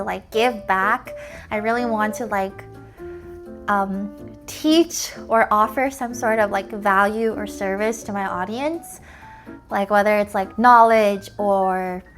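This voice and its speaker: A young woman streamer chatting casually with her viewers, full of "like" fillers and the odd swear, and she sounds tired. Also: medium pitch. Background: faint music.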